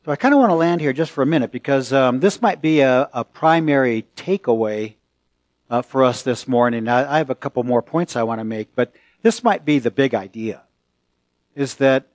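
A male pastor preaching a sermon, slow and deliberate, with pauses and rising emphasis. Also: mid-range voice, animated, no room sound.

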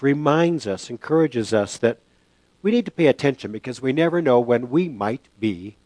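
A man's voice: medium pitch, darkish tone, dry recording. Reflective older man preaching. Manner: halting and reflective, many fillers and restarts. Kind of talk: sermon with personal storytelling and prayer.

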